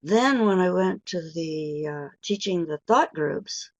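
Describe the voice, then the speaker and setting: An older woman teaching pronunciation in a webinar lecture, speaking deliberately and stretching key words for emphasis. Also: on the low side, lively intonation. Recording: dull lo-fi webinar audio.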